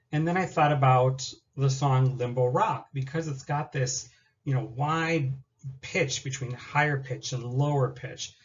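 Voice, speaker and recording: A man's voice: mid-range voice, muffled recording. A man giving a recorded class presentation on a teaching activity, explaining in a partly read style with occasional fillers.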